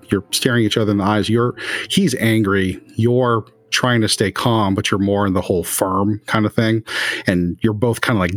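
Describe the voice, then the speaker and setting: A man's voice: on the low side, no room sound. A man narrating a tabletop role-playing game as game master, casual and rambling.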